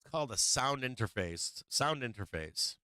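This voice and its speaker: A man's voice: mid-range voice, animated, normal speed, bright, forceful tone, no echo. A man from Boston hosting a live market stream, rambling in casual chat and laughing often at himself. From Boston, USA. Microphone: streaming microphone on an arm.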